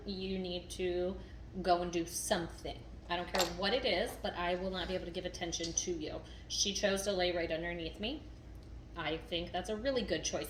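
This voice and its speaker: A woman in a casual vlog, explaining how she trains her dog and cooing praise at it, recorded indoors at home. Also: lowish voice. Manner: chatty, self-deprecating, coos praise at a dog. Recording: echoey room with faint noise.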